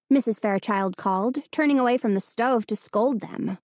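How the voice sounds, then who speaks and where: A woman narrating a children's storybook in an expressive storytelling manner. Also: fairly high pitch, moderate pace, few pauses, no room sound, studio quality. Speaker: audiobook narrator. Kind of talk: scripted narration.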